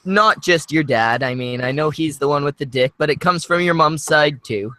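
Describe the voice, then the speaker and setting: A man teasing crudely in a deadpan way in a casual online stream chat. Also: fairly high pitch, normal speed. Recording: faint background noise with clicks.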